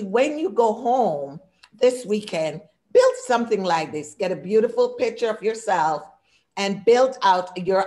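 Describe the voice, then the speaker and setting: A woman in her sixties with an accent, talking through a workshop presentation on a video call in short, listed phrases. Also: mid-range voice. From immigrant. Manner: warm, talkative, speaks in short lists; audible non-native English accent. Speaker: diversity consultant and workshop speaker.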